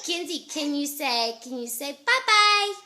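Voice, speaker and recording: High, sing-song young mother. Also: animated, unhurried, bright, forceful tone. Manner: patient, sing-song baby talk with many questions. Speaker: mother filming her toddler. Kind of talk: home video, coaxing a toddler. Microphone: handheld phone camera.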